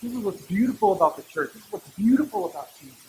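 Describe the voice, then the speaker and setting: High-voiced man preaching conversationally. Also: expressive, fast talker, darkish tone, slight background noise, poor audio. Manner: conversational preaching with humorous asides. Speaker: pastor. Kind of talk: sermon.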